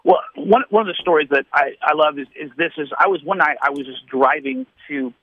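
A man's voice: a little high, animated, fairly quick, no echo. A man calling in as a radio guest, telling faith stories in an earnest, rambling way with restarts, heard over a phone line. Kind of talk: testimony storytelling on radio. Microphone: telephone.

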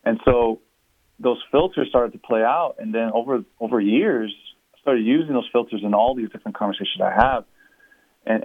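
A man who is a pastor and author, speaking as an interview guest and explaining his views in an earnest, measured way. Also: mid-range voice, no echo. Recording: tinny phone-line sound.

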